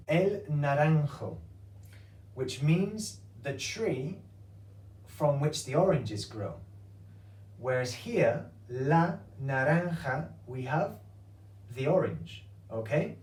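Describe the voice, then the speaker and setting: A man's voice: on the high side, darkish tone. Echoey distant male language teacher. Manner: explains slowly, checking in with frequent "okay?". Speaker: Spanish teacher. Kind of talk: classroom-style language lesson. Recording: echoey room, distant mic.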